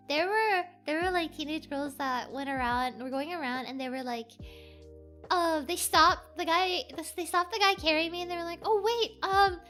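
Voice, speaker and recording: A young woman chatting casually on her stream, rambling through her story and bursting into loud, cheerful greetings. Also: very high voice. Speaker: VTuber streamer.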